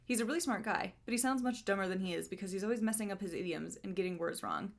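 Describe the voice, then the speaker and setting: A woman's voice: mid-range voice, quick pace. A woman reviewing books casually, reading passages aloud with amusement and laughing at the funny parts. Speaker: book vlogger.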